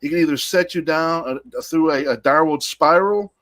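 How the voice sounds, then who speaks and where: A man's voice: on the high side, normal speed, fairly bright tone, dry recording. Rambling male podcast host. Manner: rambling, repeats words. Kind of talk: casual chat.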